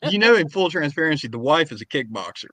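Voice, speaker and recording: A man's voice: fairly high pitch, very animated, fast talker, bright, forceful tone, no room sound. A man co-hosting a casual chat podcast with dry, self-deprecating humor. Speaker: podcast co-host.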